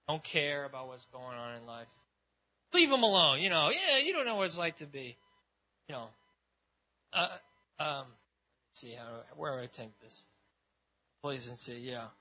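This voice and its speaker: Chatty guy preaching, lots of "like" and "you know", bright voice, muffled audio. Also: medium pitch. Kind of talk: casual sermon. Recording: dull lo-fi sound.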